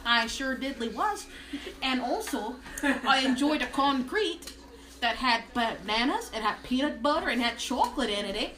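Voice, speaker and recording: A chirpy, high-voiced Minnesota gal, as a woman puts her on, folksy and polite, stretching her vowels in a singsong lilt. She tags her sentences with little questions, and the sound bounces around an echoey room. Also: animated, moderate pace, a bit bright. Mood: folksy cheerful. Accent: put-on Minnesota.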